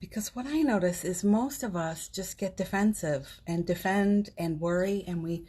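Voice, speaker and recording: A woman with a lowish, dark, breathy voice speaks at a moderate pace. Hosting a home livestream via her phone, she gives an inspirational talk that's casual, sincere, and rambling, packed with fillers and restarts.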